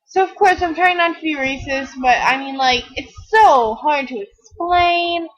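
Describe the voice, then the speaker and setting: Teen girl gamer, high slow-paced voice, rambly and giggly, muffled lo-fi mic. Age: teens. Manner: giggly, rambling, self-mocking, acts out quoted people. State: tired from little sleep. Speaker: gaming video creator. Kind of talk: rambling casual chat over gameplay.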